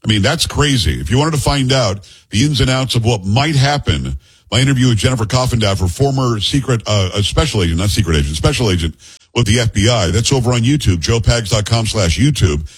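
A middle-aged man hosts a talk podcast with a husky, slightly breathy voice set at an ordinary middle pitch. He talks casually, wanders into joking tangents and ribs his co-host between news items. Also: expressive, fairly quick. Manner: rambling, joking asides, teasing his co-host. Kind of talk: casual talk-show chat.

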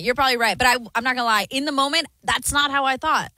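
A woman's voice: sits high, expressive, a little fast, sharp tone, no echo. A woman co-hosting a sports radio show, agreeable and chatty, laughing along. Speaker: radio co-host. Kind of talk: casual sports talk.

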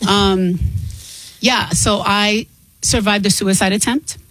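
A woman's voice: mid-range voice, steady tone, takes it slowly, fairly bright tone, no room sound, poor audio. Middle-aged female singer-guest, candid and earnest, dry close sound. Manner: earnest and open, laughs between points. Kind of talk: candid interview talk.

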